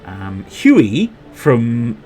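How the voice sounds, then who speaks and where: A man's voice: medium pitch, wildly swooping pitch, mellow. A young man streaming a video game, rambling, joking and reading game text aloud. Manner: rambling, jokey, slow-paced, drifts between reading game text and wordplay. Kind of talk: casual gameplay commentary.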